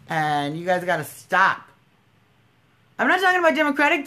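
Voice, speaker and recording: A woman's voice: sits high, vocal fry, sharp tone. A woman hosting a political livestream, talking bluntly and emphatically, scolding her viewers and swearing freely. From United States. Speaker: livestream host.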